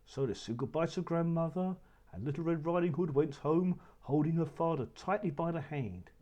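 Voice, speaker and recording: A man narrating a children's story with an expressive, animated telling. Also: fairly high pitch, moderate pace, lo-fi sound.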